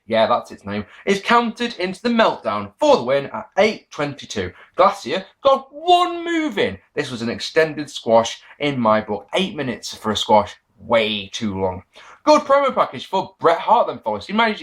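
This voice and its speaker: A man's voice: high voice, a bit bright. A man reviewing an old wrestling show in a casual, sarcastic monologue, swearing freely and mocking what he watched. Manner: sarcastic, profane, mock-quoting people.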